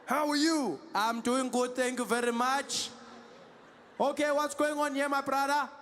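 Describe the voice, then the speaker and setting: A man playing a calm, patient South African police sergeant who talks slowly and politely. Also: very high-pitched, slight background noise. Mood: calm, amused. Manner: slow, unbothered and courteous.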